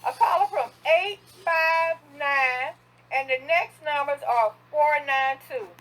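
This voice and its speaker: A woman hosts a radio interview show, her voice very high. She talks slowly and in a friendly way, laughing often. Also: fairly bright tone, low-quality recording.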